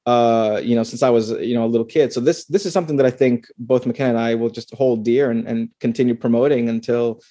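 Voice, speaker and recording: A man talks about his film over a video call in a casual, rambling way. He restarts often and leans on fillers. His tone is warm and dark, recorded dry and close. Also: mid-range voice, steady tone, quick pace, hardly any pauses, no echo. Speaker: filmmaker being interviewed. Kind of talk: casual interview answers.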